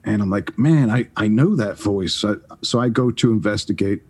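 A man in his forties, a podcast guest, telling career stories in a casual, animated way, often restarting his sentences. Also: fairly low pitch, moderate pace, slightly rough. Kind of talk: casual storytelling.

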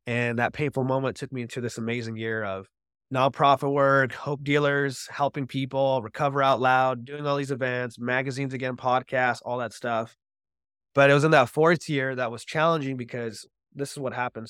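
A man as a podcast guest, telling his personal recovery story with animated storytelling and acting out his own quoted speech. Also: mid-range voice, dry recording, studio quality.

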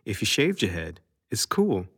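Man as a laid-back uncle, low, relaxed drawl. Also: moderate pace, husky, no room sound, clean studio sound, heavily acted. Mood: easygoing. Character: easygoing, affectionate middle-aged uncle.

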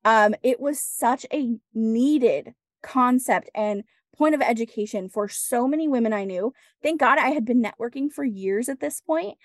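A woman guest on a podcast interview, telling her story in a casual, animated way and acting out bits of dialogue. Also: a little high, normal speed, hardly any pauses, no echo, clean studio sound. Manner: animated, acts out dialogue, laughs often. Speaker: podcast guest, business strategist.

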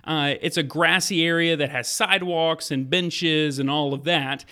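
A man, a pastor and podcast host, telling a Bible story to preteens in a lively, vivid second-person style. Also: on the high side, a little slow.

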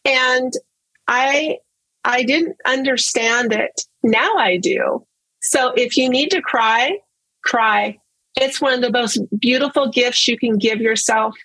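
A guest shares her story in casual personal testimony, speaking earnestly and openly in a relaxed, conversational manner. She often repeats words for emphasis, her slightly high voice carrying a husky edge, recorded dry and close with no room echo.

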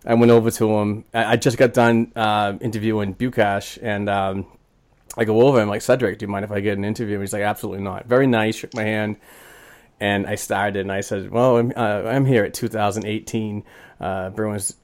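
A man's voice: fairly low pitch, steady tone, normal speed, darkish tone. A man hosting a casual sports podcast, rambling with lots of fillers and restarts. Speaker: podcast host.

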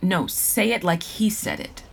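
A stern female alien custodian in an audio drama. Her low voice is husky. She speaks calmly and formally, and she does not bend. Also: unhurried, full character voice. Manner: calm, formal and insistent. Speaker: custodian of released prisoners.

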